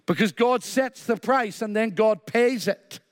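A man's voice: high-pitched, a little slow, clean studio sound. A man preaching a sermon with emphatic, repeated phrases and a short story woven in. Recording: long hall reverb.

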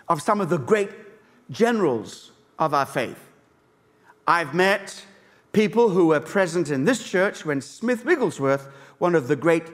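Pastor, man, southern English accent, earnest sermon, fairly high voice, long church reverb. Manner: earnest, with emphatic rises and many restarts.

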